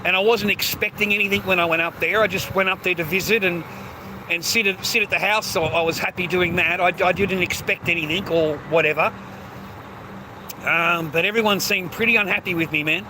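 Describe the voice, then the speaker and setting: A man's voice: high-pitched, fairly even intonation, fairly quick. An Australian man in his fifties, ranting aggrieved and profane in a vlog, stammering over restarts. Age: 50s. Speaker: vlogger. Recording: noisy outdoor street recording.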